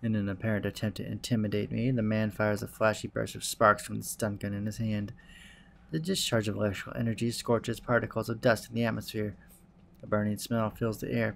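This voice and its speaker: Gravelly guy reading a visual novel out loud, dry and wry. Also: on the low side, a little hiss or hum. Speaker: let's play host.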